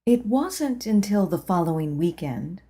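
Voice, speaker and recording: A woman narrating a spiritual memoir as an audiobook, in a calm, measured reading voice. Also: lowish voice, husky. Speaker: audiobook reader.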